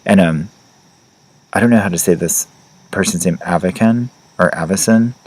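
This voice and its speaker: A man with a very low voice hosts a casual podcast chat. He rambles loosely and fills his sentences with "like" and "you know". Light laughs come between his points. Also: normal speed, husky, rough recording. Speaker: astrology podcast host.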